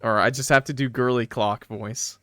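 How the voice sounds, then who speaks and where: Excitable joking male game streamer. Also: mid-range voice, normal speed, dry recording. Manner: excitable, joking, laughs and swears. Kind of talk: casual gameplay commentary.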